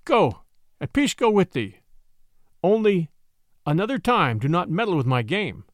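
Rich: A proud, defiant jungle boy, as a male storyteller voices him, bold and scornful in his speech. The voice is raised and lively, recorded close and dry. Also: sits high, a little slow, no room sound.

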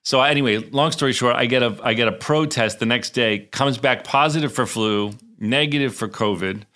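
A man co-hosting a podcast in casual chat, telling stories with animated energy and plenty of swearing. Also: medium pitch, moderate pace. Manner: animated storyteller, swears freely. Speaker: podcast co-host.

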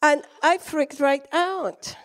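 Latina woman preaching, high voice, slow deliberate delivery, acts out the story. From Latin America. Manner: animated storytelling, acts out quotes, laughs often. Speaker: guest preacher. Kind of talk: sermon with storytelling.

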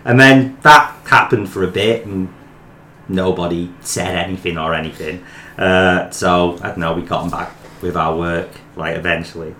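A man's voice: deep voice, moderate pace, sharp tone, a little hiss or hum. A man on a podcast, telling a rambling, joking story in casual, stop-start chat. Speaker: podcast co-host. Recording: echoey room.

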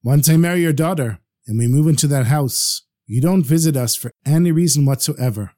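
A man storyteller voicing a humble, pious young male scholar who speaks gently and earnestly. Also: on the high side, fairly quick, close to an everyday voice.

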